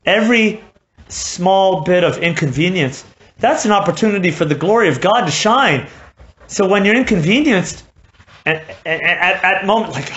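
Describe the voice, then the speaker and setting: A man preaching a sermon in an impassioned way, moving from hushed, quiet stretches to loud, fervent passages. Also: high voice, animated, moderate pace. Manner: impassioned, swings from hushed to shouting. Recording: dull lo-fi recording with faint noise.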